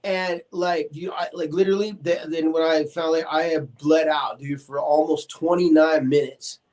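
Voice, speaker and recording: This man in his forties, a podcast guest, has a slightly high voice and a moderate pace. Telling a long story in casual conversation, he's animated, uses many fillers, and acts out the quoted voices.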